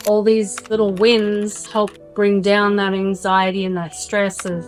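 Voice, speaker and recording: A woman's voice: medium pitch, flat delivery, measured pace, faint music behind. A woman speaking earnestly and with relief about her son's changes, in a testimonial interview. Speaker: parent giving a testimonial.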